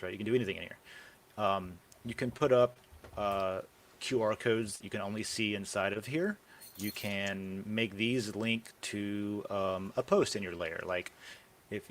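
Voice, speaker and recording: A man hosting a casual live show, rambling and brainstorming ideas aloud with plenty of fillers. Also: on the low side. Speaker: podcast host. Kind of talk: casual live-stream chat.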